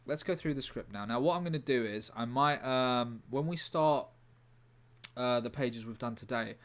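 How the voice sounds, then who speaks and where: A man streaming live in a rambling, deadpan way, breaking off to answer his chat. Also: mid-range voice, moderate pace. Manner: rambling, deadpan, self-interrupting. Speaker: livestreamer reading chat. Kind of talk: casual livestream chat.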